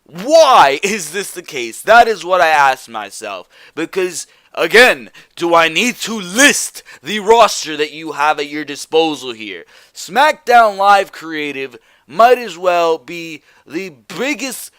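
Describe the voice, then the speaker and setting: A man's voice: fairly high pitch, big pitch swings, slow pace, hardly any pauses, a bit bright, clean tone, dry recording. A man ranting through a wrestling show review, firing off repeated exasperated rhetorical questions.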